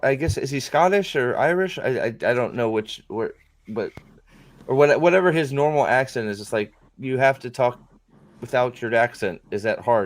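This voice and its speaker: A man hosting a casual reaction video, talking in a halting, rambling way with many restarts and asides. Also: medium pitch.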